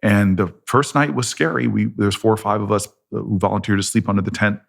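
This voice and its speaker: A man's voice: on the low side, steady tone, a little fast, vocal fry. A man in his fifties with an American accent, telling a long story with animation and acting out both sides of the conversations. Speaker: politician guest.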